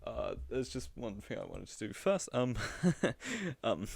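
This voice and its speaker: A man's voice: medium pitch, very animated, measured pace, creaky, husky, no room sound. Laughing, mocking male streamer. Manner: chatty, mocking, laughs often. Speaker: live streamer. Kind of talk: casual reaction commentary.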